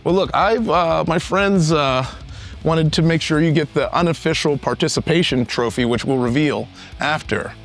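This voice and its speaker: A young man hosting a tabletop card game show, energetic and jokey in casual banter. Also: a little high, moderate pace, faint music behind. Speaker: host.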